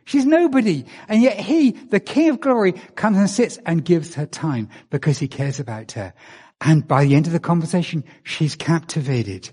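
A man's voice: fairly high pitch, expressive, moderate pace, dark tone, breathy edge. A man from England, preaching a conversational sermon and asking his listeners many rhetorical questions. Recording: long reverb of a large hall.

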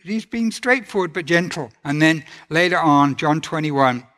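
Gentle preacher man in a reverberant hall. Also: on the high side, lively intonation, measured pace. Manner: gentle, conversational preaching with rhetorical questions. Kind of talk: sermon.

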